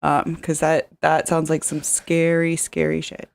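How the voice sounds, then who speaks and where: A woman's voice: sits low, completely flat delivery, a little slow, creaky, clean tone. A woman streamer reacting to a video in casual commentary, rambling with lots of fillers and reading chat messages aloud.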